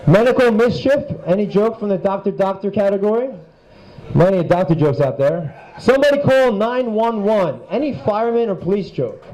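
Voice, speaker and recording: A man's voice: sits high, normal speed, low-quality recording. A man hosting a live joke contest in a bar, announcing the categories with chuckles. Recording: lively crowd behind.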